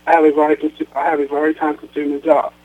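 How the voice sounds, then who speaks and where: A man's voice: fairly high pitch, completely flat delivery, very fast, natural voice. A man reading as a weary, defensive grown daughter. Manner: apologetic and evasive. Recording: tinny phone line.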